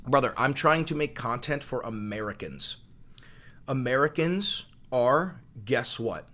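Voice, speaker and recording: A man with a New York accent rants at his live chat, swearing freely and sneering sarcastically. His voice is bright and forceful, pushed hard at the listener. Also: medium pitch, sing-song, a little slow. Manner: profane, ranting, sarcastic. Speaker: streamer.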